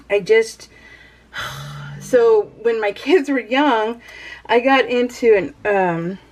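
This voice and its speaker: A middle-aged woman from California chatting casually as a vlogger, rambling with restarts, sighs and little laughs. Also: medium pitch. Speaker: scrapbooking vlogger. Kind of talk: casual voice-over chat while crafting.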